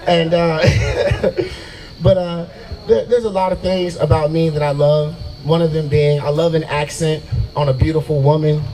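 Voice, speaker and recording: Brash profane stand-up comic. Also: male voice, fairly high pitch, fairly even intonation, moderate pace, warm tone, a little hiss or hum, rough recording. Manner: brash, profane, riffing with the crowd. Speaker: stand-up comedian. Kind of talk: stand-up comedy set. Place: brewery open mic night.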